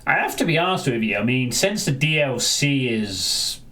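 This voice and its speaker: A man's voice: medium pitch, sing-song, normal speed, sharp tone. A man chatting casually on a live stream, rambling and answering viewers, often restarting his sentences.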